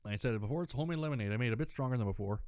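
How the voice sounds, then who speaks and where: A man rambling through casual gameplay commentary, clearing his throat often, his dry throat pulling his voice lower than usual. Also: very fast, warm tone, dry recording. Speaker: gaming channel host.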